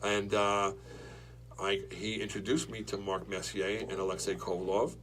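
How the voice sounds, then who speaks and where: New guy, low-ish voice, rambling excitable podcast host, faint hum. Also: moderate pace. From Long Island, New York. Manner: rambling, excitable storytelling with many restarts. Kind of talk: casual chat.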